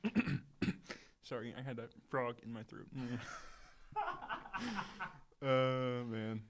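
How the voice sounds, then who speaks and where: A man chatting casually as a show guest, joking in a halting way with many ums and uhs. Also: mid-range voice, little pitch movement. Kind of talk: casual chat. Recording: faint background noise.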